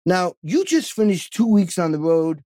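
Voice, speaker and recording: Male podcast host, eager and effusive, slightly high voice, dry close sound. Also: sing-song, moderate pace, mellow, no echo. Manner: enthusiastic, effusive. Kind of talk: interview podcast.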